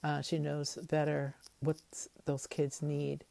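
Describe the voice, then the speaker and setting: A woman's voice: deep voice, monotone, takes it slowly, gravelly, dark tone, no room sound. A woman giving a chatty, wry recap of a TV episode, with lots of fillers as she talks it through. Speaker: TV episode commentator.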